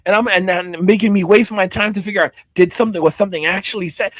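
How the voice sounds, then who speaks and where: A man with a high, raised voice rants angrily on a livestream, firing back at his chat. He talks in heated bursts and repeats himself. The sound is close and dry, with no room around it. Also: steady tone, quick pace, hardly any pauses, no room sound. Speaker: channel host. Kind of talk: livestream rant reacting to chat.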